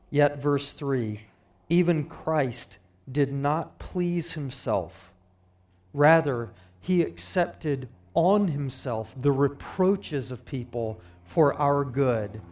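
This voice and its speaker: A man preaching a sermon, explaining scripture in a measured way with light asides. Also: medium pitch, darkish tone.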